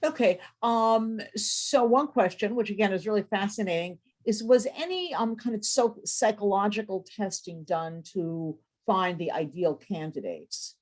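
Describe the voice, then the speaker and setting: A woman's voice: mid-range voice, measured pace, few pauses, a little mellow. A woman professor moderating a virtual lecture, reading out audience questions with frequent hesitations. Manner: hesitant, many ums while reading out questions. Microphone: video call.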